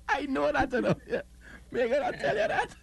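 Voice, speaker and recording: A man with a Trinidadian accent hosting a radio call-in show, playful and quick to laugh. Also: very high-pitched, sing-song, creaky. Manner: laughs often, playful banter. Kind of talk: casual radio call-in chat.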